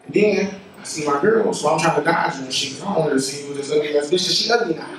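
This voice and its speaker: A man doing crude, animated stand-up comedy, jumping into high-pitched voices for the people in his stories. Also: fast, slight background noise. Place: comedy venue with audience. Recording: far-off roomy live crowd recording.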